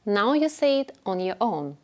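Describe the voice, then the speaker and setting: A woman teaching beginner English, speaking clearly and patiently and repeating phrases for learners to follow. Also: mid-range voice, sing-song, moderate pace. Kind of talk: slow instructional narration.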